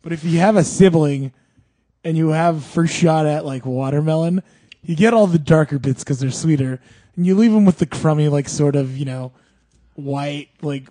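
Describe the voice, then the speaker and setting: A man trading stories on a casual podcast, quick to laugh at himself. His voice sits a touch high and sounds warm and relaxed. The recording is close and dry. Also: no room sound. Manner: chatty storyteller, laughs often. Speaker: podcast co-host. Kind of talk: casual chat.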